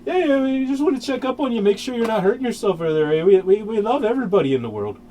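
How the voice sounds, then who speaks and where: A man's voice: sits high, expressive, very fast, mellow, far from the mic, slight background noise, pitched above the performer's own voice. A man putting on an over-polite, sweet-natured Canadian man with a Canadian accent. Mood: sugary.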